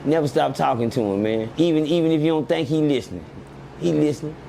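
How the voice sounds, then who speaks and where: A middle-aged man, telling stories in an animated, preachy way and repeating lines for emphasis. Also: fairly high pitch, fast, creaky, a little hiss or hum. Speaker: podcast guest. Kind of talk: casual storytelling chat.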